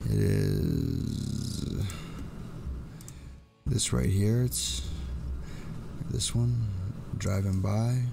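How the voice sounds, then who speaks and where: A hoarse man, hosting a casual live stream and greeting chatters by name in a laid-back way. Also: on the low side, huge pitch swings, very slow, pauses often, mellow, faint music behind. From Texas. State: hoarse, voice going out.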